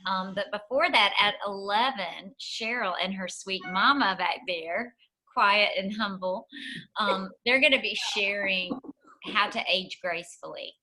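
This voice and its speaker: Bright, enthusiastic woman host. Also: mid-range voice, measured pace, rough recording. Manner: enthusiastic, warmly promoting. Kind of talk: live online talk show.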